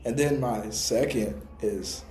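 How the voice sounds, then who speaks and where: Young male podcast co-host, warm low-key tone, easygoing slang, echoey room. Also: slow pace, a little hiss or hum. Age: young adult. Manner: relaxed, slangy, reflective. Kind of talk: casual storytelling.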